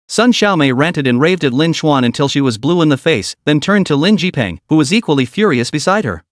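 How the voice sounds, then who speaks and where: A man narrating a dramatic story in a steady, even reading voice. His voice sits fairly high for a man, and the recording is dry and close with no room sound. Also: fairly quick, few pauses, no room sound.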